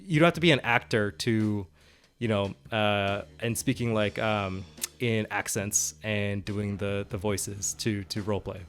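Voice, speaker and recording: This podcast co-host speaks a little slowly in a lowish, slightly bright voice, talking casually about tabletop role-playing. His points wander, full of fillers and restarts, broken up by frequent laughter over faint background music.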